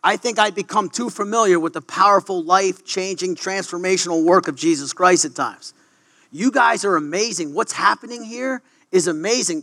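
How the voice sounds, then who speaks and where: A man who is a wrestling coach, giving an excitable devotional talk to his team, often stumbling and restarting sentences. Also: high voice, breathy edge.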